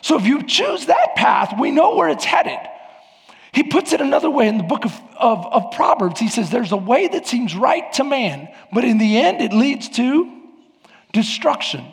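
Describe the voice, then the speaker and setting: A man preaching a sermon as pastor of a church, with emphatic rises and sudden shouts. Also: very high-pitched, very animated, normal speed, gravelly, in a large hall. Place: church sanctuary.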